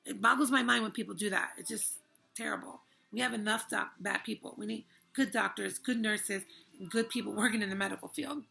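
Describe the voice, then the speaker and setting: A woman's voice: mid-range voice, fairly quick, vocal fry, bright, forceful tone. A young woman vlogger giving an emphatic, frank and indignant personal testimony. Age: young adult.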